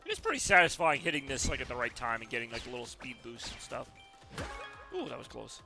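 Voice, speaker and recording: A man's voice: medium pitch, lively intonation, fast, creaky, over music. A man streaming a game live, chatting casually with viewers, rambling and laughing often.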